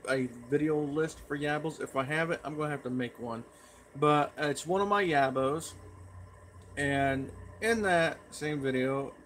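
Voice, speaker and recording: A man's voice: mid-range voice, slight background noise. A man chatting in a folksy, rambling way as a pipe tobacco vlogger. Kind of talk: casual rambling vlog.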